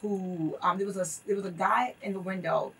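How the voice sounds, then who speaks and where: A woman's voice: medium pitch, steady tone, normal speed, creaky, fairly bright tone, breathy edge. A woman guest on a talk show, telling her story earnestly and with emphasis. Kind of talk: interview conversation. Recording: voice from a distance off the mic.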